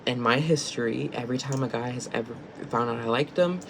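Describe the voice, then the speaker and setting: A man's voice: medium pitch, a little fast, creaky, background noise. A young man telling a personal story vlog-style, rambling with lots of fillers and restarts. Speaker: vlogger. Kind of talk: casual storytime.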